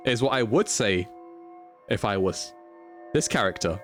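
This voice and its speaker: A man's voice: lowish voice, normal speed, long pauses, faint music behind. A man streaming a video game, chatty and playful, laughing often as he talks to his chat. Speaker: livestreamer.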